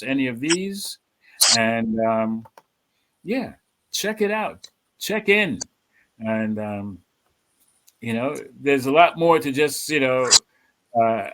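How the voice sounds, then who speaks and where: A man giving a sermon's closing and announcements at a spiritual center, relaxed and rambling with many fillers. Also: medium pitch, rough recording. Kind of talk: casual church announcements.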